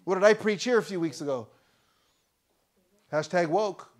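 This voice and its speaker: Male pastor, slightly high voice, relaxed preaching that builds to loud emphatic lines. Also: moderate pace. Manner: conversational preaching, rising to loud emphatic peaks, joking asides. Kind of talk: sermon. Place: church.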